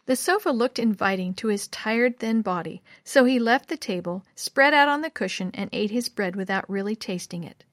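A woman narrating a storybook in a measured, expressive way. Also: medium pitch, no room sound, clean studio sound. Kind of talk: storybook reading.

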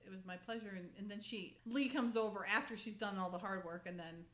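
A woman's voice: medium pitch, fairly quick, fairly bright tone, echoey room. A woman in casual chat, animatedly retelling a TV episode and acting out the characters' lines between laughs. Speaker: co-host recapping a TV episode.

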